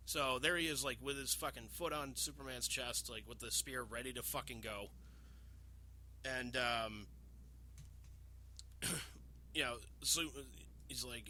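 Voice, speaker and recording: Podcast host, male, bright and forceful delivery, excitable profane recap, light background hiss. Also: mid-range voice, normal speed. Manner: profane, animated retelling, acts out quotes. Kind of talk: casual podcast chat.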